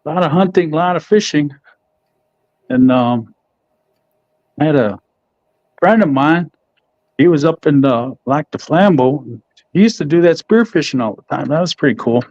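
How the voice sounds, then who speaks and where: Laid-back halting middle-aged man. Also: a little high, expressive, darkish tone, dry recording. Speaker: professional boxer, podcast guest. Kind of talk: casual interview answers. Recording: dull, dry audio.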